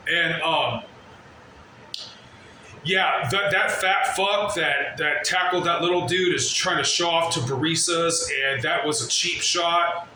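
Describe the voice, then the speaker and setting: A man's voice: fairly high pitch, measured pace, pushed and bright. A man ranting in a brash, constantly swearing way in a reaction video, drifting off on tangents. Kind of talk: profane rambling reaction rant. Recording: very echoey room, slight noise.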